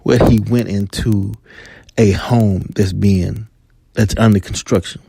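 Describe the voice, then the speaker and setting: A man's voice: on the low side, fairly even intonation, takes it slowly, gravelly, noisy background. A man hosting a podcast, talking, delivering a heated, profane commentary and acting out quoted exchanges. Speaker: podcast host. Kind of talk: angry commentary monologue.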